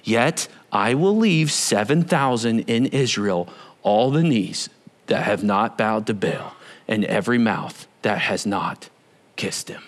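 A solemn, commanding God speaks slowly and measuredly, as a male preacher reads the part aloud. The voice sits well below the preacher's usual pitch and sinks almost to a hush. The delivery is quiet and grave, in a sermon Bible reading. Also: expressive.

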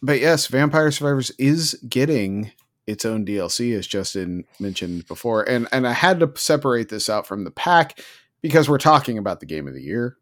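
A man co-hosting a casual gaming podcast, animated and sarcastic, slipping into mocking voices. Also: mid-range voice, moderate pace. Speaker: podcast co-host. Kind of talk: casual gaming news chat.

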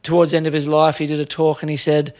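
Reflective Australian man with higher voice. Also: completely flat delivery, fast talker. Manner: reflective, rambling with many fillers. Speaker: podcast guest, metal musician. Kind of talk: casual conversation.

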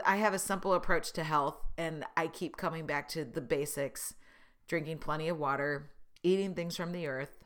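A woman's voice: sits low, a bit bright. A woman, hosting an upbeat, chatty motivational podcast monologue full of asides. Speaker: podcast host.

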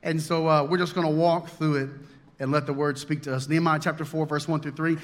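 Male pastor, bright high voice, folksy and animated sermon, echoing hall. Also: brisk. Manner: folksy, joking, animated, with frequent restarts. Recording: long hall reverb.

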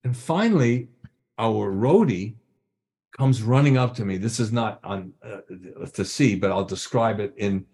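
A man's voice: lowish voice, a little slow, a little mellow. An older man, a guest drummer, telling anecdotes in casual talk and acting out voices and drum sounds. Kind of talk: casual storytelling.

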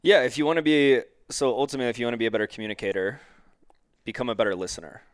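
A man co-hosting a casual podcast, telling stories and acting out quoted people with lively jumps in his voice. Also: racing, dry recording, clean studio sound. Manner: animated storyteller, acts out quoted characters with big pitch jumps. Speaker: podcast co-host.

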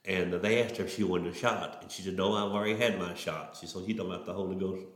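A man's voice: sits low, steady tone, fast. A middle-aged man, a preacher telling his testimony in an earnest, folksy way with many restarts. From Oklahoma. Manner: folksy, earnest, repetitive starts. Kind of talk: testimony storytelling. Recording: roomy echo.

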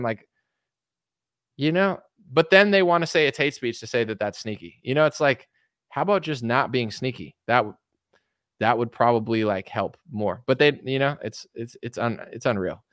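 A man's voice: mid-range voice, moderate pace, fairly bright tone, dry recording, clean studio sound. A man giving loose, rambling commentary on a livestream, reading chat comments and often restarting his sentences. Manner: rambling, full of fillers and restarts. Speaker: political commentary streamer.

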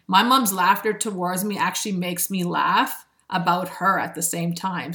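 A woman's voice: mid-range voice, a bit bright. A woman speaking as a spiritual self-help speaker in a motivational monologue, earnest and preachy, often breaking into laughs.

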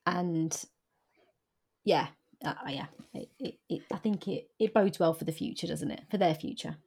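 A woman's voice: fairly low pitch, slightly rough. A woman co-hosting a book podcast, chatting casually with frequent fillers. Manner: warm, halting with fillers.

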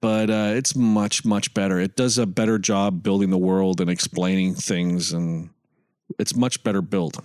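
A man co-hosting a podcast in casual chat, joking and jumping in with quick remarks. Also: deep voice, clear, resonant tone, dry recording, studio quality. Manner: animated, quick interjections, joking. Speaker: podcast co-host.

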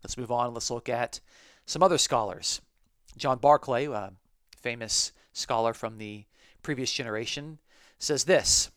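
Methodical man teaching, smooth dry voice. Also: medium pitch, unhurried, a bit bright, no echo. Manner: methodical, explanatory, repeats key phrases. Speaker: podcast host and Bible teacher. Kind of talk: scripture study lecture.

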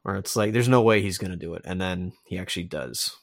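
A man's voice: low-pitched, quick pace, creaky, no room sound, clean studio sound. A man co-hosting a podcast, rambling and interrupting himself as he argues a point. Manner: rambling, self-interrupting, emphatic. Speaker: podcast co-host. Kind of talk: casual discussion.

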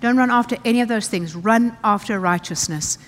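A woman's voice: a little high, fairly quick. A woman pastor preaching a sermon, reading scripture aloud and repeating key phrases with emphasis. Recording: church hall reverb.

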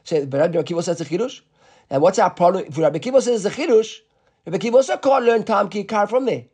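A man teaching a Talmud class, explaining fast with many restarts and checking questions to his students. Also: high voice, gravelly, darkish tone, slightly rough.

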